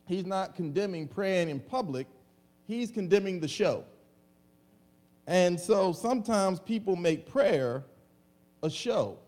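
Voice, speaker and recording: A male pastor delivering a lively, humorous sermon to a congregation, acting out comic voices. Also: sits high. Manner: animated preaching with comic voices and laughter.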